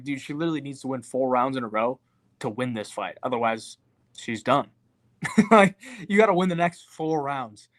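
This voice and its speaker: A man's voice: mid-range voice, dry recording. A young man hosting a show, answering chat questions in a slangy, profane, laid-back way. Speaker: podcast host reading live chat. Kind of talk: casual chat.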